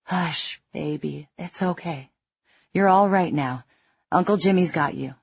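A woman reading the lines of a big, tough male marine in an audiobook, speaking softly and soothingly. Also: lowish voice, moderate pace, slightly rough, no echo. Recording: dry, slightly muffled lo-fi recording.

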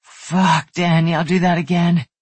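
An audiobook narrator voicing a rugged, lustful young man who speaks in low murmurs and breathless, urgent bursts. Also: level tone, unhurried, slightly rough, no room sound.

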